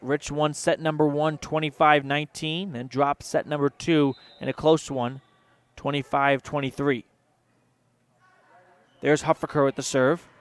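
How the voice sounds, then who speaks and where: A man calling a volleyball match as play-by-play announcer on local radio, reading rapid action with sponsor mentions. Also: a little high, level tone, smooth. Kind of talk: local radio sports commentary.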